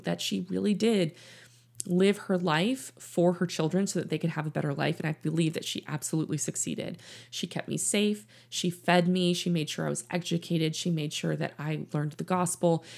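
A middle-aged woman hosting a podcast as a life coach, speaking in an earnest, personal and gently instructive way. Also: on the low side, vocal fry. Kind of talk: reflective podcast monologue. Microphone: studio mic in her office.

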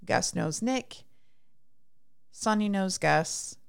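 Gushing woman with a gravelly voice. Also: medium pitch, extremely slow. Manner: gushing, enthusiastic, retells scenes with quoted lines. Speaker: podcast co-host. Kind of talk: casual chat about a movie.

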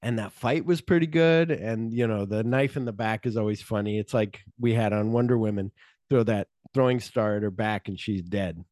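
A man's voice: on the low side, moderate pace, darkish tone, no echo, studio quality. A man co-hosting a casual movie podcast, retelling scenes animatedly and swearing freely. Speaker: podcast co-host.

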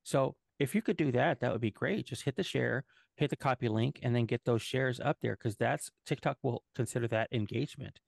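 A man co-hosting a podcast live, talking casually with many halting restarts and fillers. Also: medium pitch, vocal fry, no echo, clean studio sound. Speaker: podcast co-host and editor. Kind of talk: casual live-stream chat.

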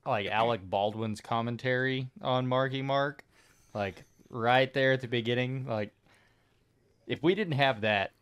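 A man's voice: mid-range voice, measured pace, fairly bright tone, smooth. A man co-hosting a casual movie podcast, making short, blunt remarks. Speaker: podcast co-host.

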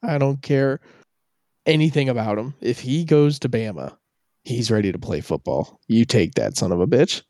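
A man's voice: medium pitch, normal speed, warm tone, no room sound, studio quality. A man co-hosting a casual sports chat, ranting animatedly and swearing freely. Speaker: podcast co-host.

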